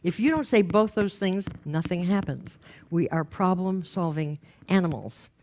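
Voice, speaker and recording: Lively storytelling woman with a low voice. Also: unhurried. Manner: animated, acts out the people in her anecdotes. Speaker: career coach and speaker. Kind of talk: storytelling talk to an audience.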